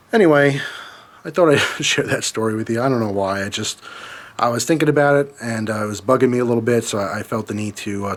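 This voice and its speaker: A young man telling a personal story in a casual vlog, rambling and swearing, with lots of fillers and restarts. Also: medium pitch. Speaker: vlogger.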